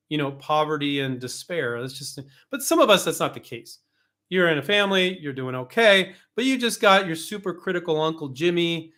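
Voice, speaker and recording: A man coaching inventors in a casual, frank talk, speaking in a slightly higher register. He is animated and blunt, restarting sentences often and dropping the odd curse word. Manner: candid, animated, with frequent restarts and mild cursing. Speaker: host, invention licensing coach.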